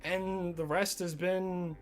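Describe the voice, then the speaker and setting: A man's voice: high-pitched, little pitch movement, slow, soft background music. A man with an Australian accent chatting casually with viewers on a livestream, rambling and filling his talk with "like". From Tasmania, Australia. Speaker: streamer.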